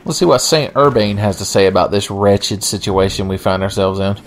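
A man's voice: lowish voice, fairly quick, a little hiss or hum. A young man giving sardonic, profane, rambling gameplay commentary. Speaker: let's play commentator.

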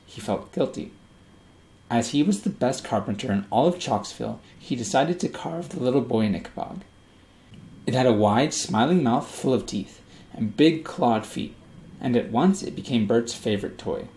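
A man narrates a children's fairy tale aloud with measured, expressive delivery. His voice sits in a middle pitch with a dark, mellow color. The reading stays steady and storybook-like throughout. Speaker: audiobook reader.

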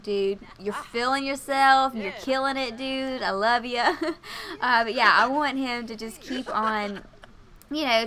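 A woman's voice: a little high, sharp tone. A young woman doing casual gameplay commentary, chatty and gushing with lots of fillers. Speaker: let's play host.

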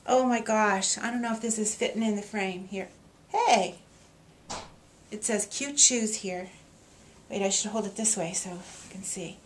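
Speaking a little slowly in a medium-pitched voice, a woman opens reader gifts on video, gushing with emotion, laughing and getting choked up while reading a letter aloud.

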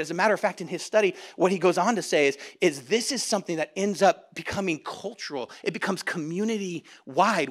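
A pastor delivering a sermon in a fairly high voice for a man. He talks to the congregation in a conversational way, swinging from a near hush to loud, driving emphasis. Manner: dramatic swings between loud and hushed; conversational, addresses congregation directly.

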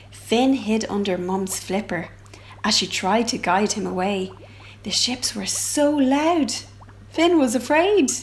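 Slow, expressive storyteller woman. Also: fairly high pitch, soft background music. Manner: expressive, sound effects. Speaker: library storyteller. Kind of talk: reading a children's picture book aloud.

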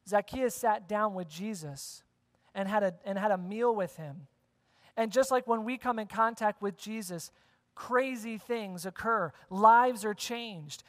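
Pastor preaching in a reverberant church. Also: male voice, sits high. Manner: conversational preaching, repeats key phrases, asks the congregation questions. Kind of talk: sermon. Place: church sanctuary. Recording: long church hall reverb.

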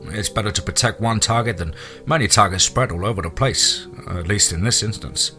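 A man's voice: lowish voice, brisk, sharp tone, faint music behind. A man voicing a blunt, practical ex-military male farmer. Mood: planning.

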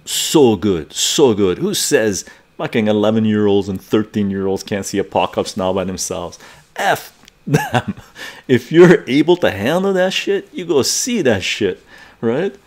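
Man, forties, stream host, casual storytelling, animated, swears a lot, laughs often, swinging pitch. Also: unhurried.

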